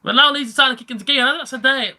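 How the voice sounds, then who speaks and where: A man's voice: extremely high pitch, rapid-fire, sharp tone. A young man giving casual live football reaction commentary, rambling and chatty with his viewers and livening up at big chances. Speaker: live match reaction streamer.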